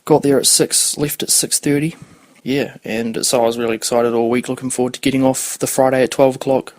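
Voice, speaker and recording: A young man in his twenties hosts a casual podcast, rambling through his week and swearing freely as he loses his thread. His voice sits at an ordinary middle pitch. The sound is dry and close, with no room around it. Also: little pitch movement, fairly quick, no echo. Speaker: podcast host.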